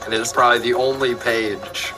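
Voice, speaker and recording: A man's voice: medium pitch, steady tone, a little fast, music in the background, low-quality recording. A man taking part in a trivia quiz, teasing and arguing playfully in casual banter. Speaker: quiz contestant.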